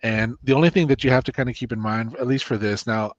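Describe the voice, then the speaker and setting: A man hosting a casual chat while walking through a software demo, rambling with restarts and fillers. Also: medium pitch, fast, no echo, dull audio. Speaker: co-host demoing software. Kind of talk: casual screen-share chat.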